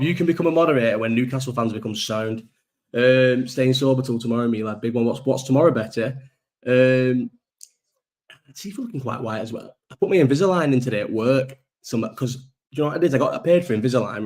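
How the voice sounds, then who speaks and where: A man's voice: mid-range voice, darkish tone. A man hosting a rambling, sweary live chat, bantering with viewers over a laptop's built-in mic. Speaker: livestream host. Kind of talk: casual live chat reading viewer comments. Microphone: laptop built-in microphone.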